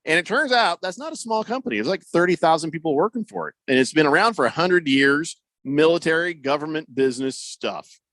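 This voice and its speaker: A man's voice: fairly high pitch, expressive, a little fast, fairly bright tone, no echo, clean studio sound. A man hosting a sports radio show, bantering in a joking, mock-serious way. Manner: joking, mock-serious, puts on silly accents. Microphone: studio microphone.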